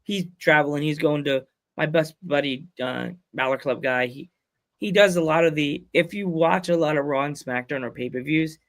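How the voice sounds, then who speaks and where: Podcast host, male, gravelly and a touch high, loose rambling banter. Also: normal speed, fairly bright tone. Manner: rambling, jokey storytelling. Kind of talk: casual chat.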